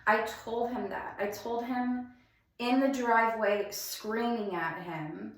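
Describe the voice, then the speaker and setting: A young woman recounts a personal ordeal, stopping and restarting her sentences as she goes. Her voice sits a little high, and the words carry emphasis. The recording rings with heavy room echo. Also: fairly even intonation. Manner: halting, restarting, emphatic retellings. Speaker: vlogger telling a personal story. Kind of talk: emotional personal storytelling. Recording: very echoey room.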